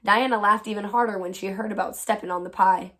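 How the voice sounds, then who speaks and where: A teacher reading a children's chapter book aloud, with clear, expressive storytelling. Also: female voice, mid-range voice, fast.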